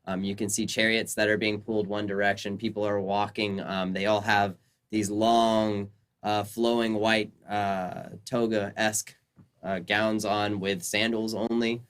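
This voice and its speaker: A man's voice: on the low side, little pitch movement, a little slow, a bit bright, smooth. A young man narrating as dungeon master, rambling through descriptions full of ums and uhs. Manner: rambling, filler-heavy descriptions. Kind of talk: narrating a tabletop game.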